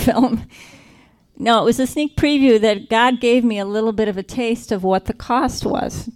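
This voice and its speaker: A woman with a medium-pitched voice shares a personal faith testimony. She sounds earnest and reflective, slowing down to emphasize the key moments.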